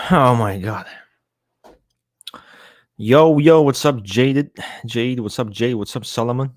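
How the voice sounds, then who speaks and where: A man's voice: medium pitch, slow, pauses often, no echo, studio quality. A man hosting a casual livestream, greeting viewers by name and joking around with a lot of swearing. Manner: profane, joking, reads out viewer names. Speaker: livestream host.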